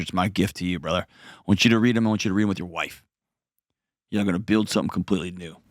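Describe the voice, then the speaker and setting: A low-voiced radio host gives a caller life advice, speaking with earnest directness and driving his points home through repetition. The close studio mic captures clean, echo-free sound.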